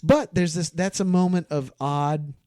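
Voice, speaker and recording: A man's voice: fairly high pitch, a little slow, darkish tone, clean tone, no room sound, clean studio sound. A man guesting on a podcast, eagerly talking through a film and acting out scenes as he goes. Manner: enthusiastic, acts out film scenes. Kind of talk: casual film discussion.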